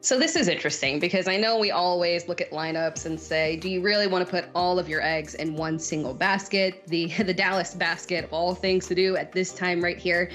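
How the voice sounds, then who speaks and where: A woman's voice: on the low side, brisk, few pauses, fairly bright tone, soft background music. A woman giving confident fantasy football advice in a conversational way. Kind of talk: conversational sports analysis.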